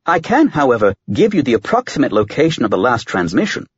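Man voicing a dutiful ship AI, clipped reports, formal, lively pitch, muffled audiobook sound. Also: quick pace, breathy edge. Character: dutiful shipboard AI, sexless machine voice.

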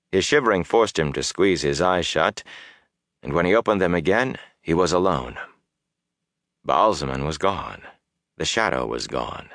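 A man reading a fantasy audiobook in a measured, grave, unhurried way. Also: very deep voice, lively intonation, a bit bright, no echo, studio quality. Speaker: audiobook narrator. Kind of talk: scripted fantasy audiobook narration.

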